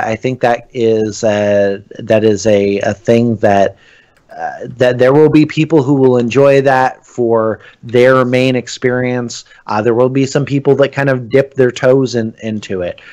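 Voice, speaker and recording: A man's voice: mid-range voice, steady tone, unhurried, a little mellow, highs cut off. A man co-hosting a gaming podcast in casual chat, rambling with lots of restarts and fillers. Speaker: podcast co-host.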